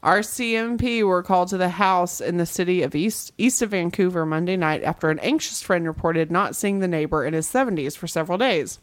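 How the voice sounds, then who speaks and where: A woman's voice: fairly low pitch, brisk, few pauses, no room sound. Woman host reading odd news stories. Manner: reads articles aloud, laughing banter. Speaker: podcast host.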